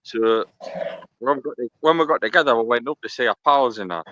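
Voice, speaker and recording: A man calling in on a video call, telling a lively anecdote and laughing through it. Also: mid-range voice, a little fast, dry recording. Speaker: caller. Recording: muffled remote call audio.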